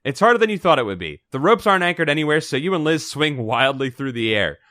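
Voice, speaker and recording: A man hosting, reading a gamebook aloud to friends in an animated, jokey way and acting out the quotes. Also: a little high, fast, no room sound, clean studio sound.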